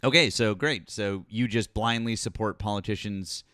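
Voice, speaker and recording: A man's voice: lowish voice, normal speed, pushed and bright, no echo, clean studio sound. A man hosting a political call-in stream, arguing with a caller in a condescending, talk-over-him way. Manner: condescending, talks over the caller, calls him kiddo and bud. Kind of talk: combative live-stream debate.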